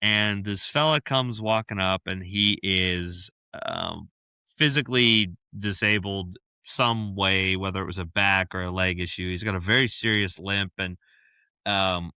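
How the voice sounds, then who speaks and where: A man's voice: low voice, a little slow, bright, forceful tone, clear, resonant tone, no echo. A man co-hosting a podcast, telling a story in casual chat and laughing often mid-sentence. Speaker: podcast co-host.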